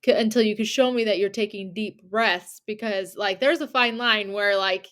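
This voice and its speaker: A woman's voice: medium pitch, moderate pace. A young woman co-hosting a podcast, telling a story in casual chat and acting out the people in it. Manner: animated retelling with quoted voices and laughter. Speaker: podcast co-host.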